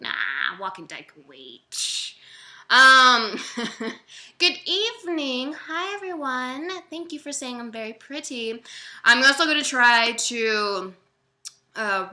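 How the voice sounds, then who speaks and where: Woman podcast host, very bright voice, chatty and giggly, reads viewer questions out loud. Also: fairly high pitch. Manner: chatty, laughs often, swears casually, reads viewer questions aloud. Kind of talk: casual live-stream chat.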